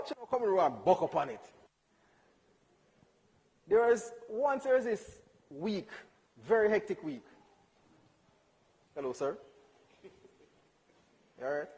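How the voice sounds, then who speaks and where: A young man telling a funny personal story in church, animated and acting out dialogue with laughs. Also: high-pitched. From Jamaica. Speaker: church speaker. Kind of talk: storytelling testimony. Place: church hall. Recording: hall reverb.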